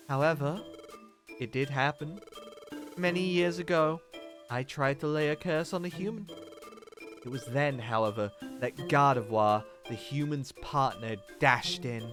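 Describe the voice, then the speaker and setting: A man voicing an ancient, solemn fox spirit who lays curses, speaking in a grave, formal, measured way. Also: fairly high pitch, close to an everyday voice.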